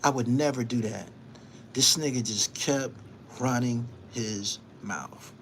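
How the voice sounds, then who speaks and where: A man's voice: medium pitch, slow pace, a bit bright, slight background noise. A man hosting his own online show, delivering a heated live-stream monologue, emphatic and repetitive, scolding someone and invoking his faith.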